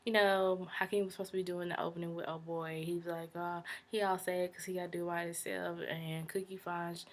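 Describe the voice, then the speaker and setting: A woman's voice: lowish voice, flat delivery, a little fast, few pauses. A woman chattily recapping a TV drama episode in slangy talk, often dropping into whispered asides. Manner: dismissive "blah, blah" paraphrasing. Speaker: TV episode reviewer.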